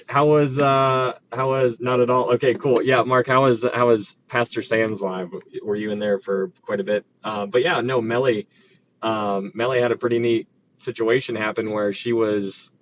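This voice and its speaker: A man hosting a live stream in a casual, upbeat way, greeting viewers by name. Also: medium pitch. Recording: dull lo-fi stream audio with faint noise.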